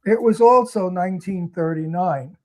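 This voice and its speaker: A man's voice: high voice, normal speed. A man with a Brooklyn accent, an actor guest talking bluntly and emphatically in a talk show interview.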